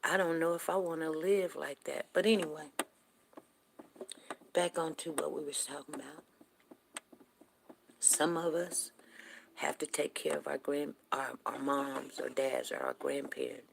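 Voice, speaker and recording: A woman's voice: sits low, a little slow, gravelly, long pauses, slight background noise. A woman hosting a show, telling rambling folksy stories. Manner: rambling, folksy, with many restarts. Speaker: show host. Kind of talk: casual storytelling monologue.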